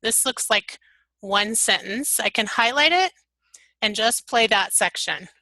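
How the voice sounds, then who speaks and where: Woman presenter, bright tone, dry room, upbeat instructional delivery. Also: on the high side, animated, measured pace, no echo, rough recording. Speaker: webinar presenter. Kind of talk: software tutorial webinar.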